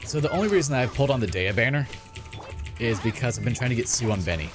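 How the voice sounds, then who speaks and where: A man's voice: medium pitch, expressive, fast talker, music in the background. A man chatting casually while streaming a video game, rambling and self-deprecating. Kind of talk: casual gaming stream chat.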